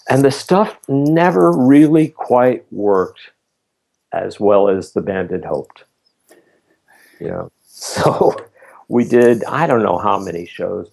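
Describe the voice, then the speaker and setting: Male interview guest in his fifties, low gravelly voice, easygoing storyteller. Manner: relaxed anecdotal telling, laughs between stories. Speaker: former roadie and studio bassist, interview guest.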